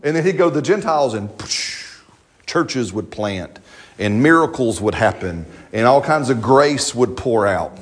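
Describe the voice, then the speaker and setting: A man's voice: mid-range voice, expressive, measured pace. A man preaching a sermon as pastor, folksy and joking, with slang and playful asides to his congregation.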